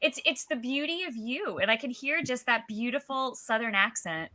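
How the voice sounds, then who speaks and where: Bright, high-voiced effusive woman. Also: animated, moderate pace. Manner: effusive, warm praise. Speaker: co-host. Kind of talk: casual chat on a video call.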